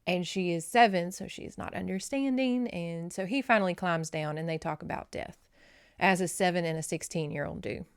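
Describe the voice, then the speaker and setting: A woman's voice: on the low side, fairly quick, clean tone. A woman from North Louisiana with a Southern accent, chatting through a book recap as a podcast host, full of tangents and emotional asides.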